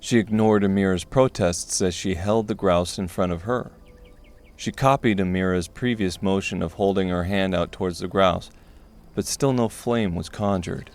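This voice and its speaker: A man narrating a dark fantasy audiobook in a steady, measured way. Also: low-pitched.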